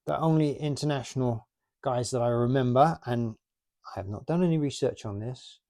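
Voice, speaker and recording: A man's voice: mid-range voice, moderate pace, mellow. A man in his late forties from the UK, chatting casually and rambling about his toy collection. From United Kingdom. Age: 40s. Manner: rambling, chatty, self-mocking.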